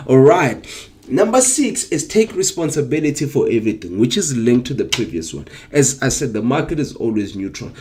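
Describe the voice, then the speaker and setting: Man coaching traders, lowish mellow voice. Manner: engaging, asks viewers rhetorical questions and for emoji replies; repeats key points for emphasis. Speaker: trading coach. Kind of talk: live-streamed trading lesson.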